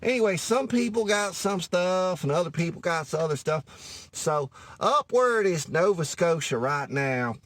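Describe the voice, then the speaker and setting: Man, cajun accent, rambling comedy monologue, cussing, folksy y'all talk, slightly high voice. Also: expressive, normal speed, fairly bright tone, no room sound. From Louisiana. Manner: rambling, profane, loses his thread, says anyways a lot; folksy, calls listeners y'all.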